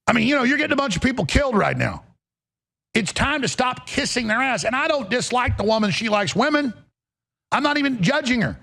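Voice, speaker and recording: A talk show host, a man, ranting in an angry, blunt and crude way with a gravelly, raspy voice. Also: extremely high pitch, sing-song, fairly quick, sharp tone. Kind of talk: heated political talk rant.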